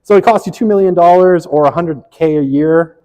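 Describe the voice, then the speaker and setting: A man's voice: a little high, fairly quick, dark tone. Lecturing man in an echoey hall. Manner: conversational, lots of "right?" tag questions; self-correcting, wry asides. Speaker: college sociology instructor. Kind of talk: classroom lecture. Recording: long reverb of a lecture hall.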